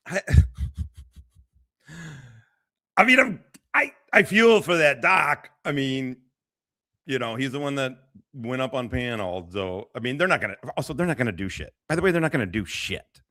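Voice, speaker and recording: Profane, animated livestream host, man. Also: medium pitch, moderate pace, pauses often. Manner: rambling, profane, restarts sentences. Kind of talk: casual livestream commentary.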